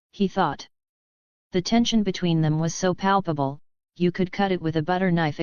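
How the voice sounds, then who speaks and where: A woman reading a fan novel aloud as an audiobook narrator, in an even, steady storytelling voice. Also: fairly low pitch, clean tone, dry recording, muffled recording.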